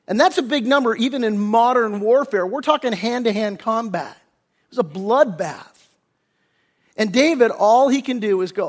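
A male pastor delivers a sermon in a voice that sits high, at normal speed. He's animated and conversational, acting out quotes with loud bursts and hushed wails.

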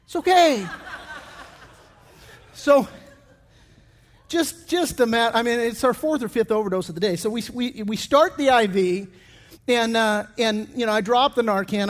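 High-ish voiced guy preaching, lots of uh and restarts, big echoey hall. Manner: storytelling with many restarts and fillers. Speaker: pastor. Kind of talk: sermon.

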